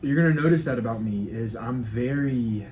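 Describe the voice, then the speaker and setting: A man's voice: mid-range voice, moderate pace, a little mellow, slight background noise, rough recording. A twenty-one-year-old man hosting his own vlog, talking casually in a rambling, self-deprecating way and swearing freely. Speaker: channel host. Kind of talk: casual solo vlog commentary.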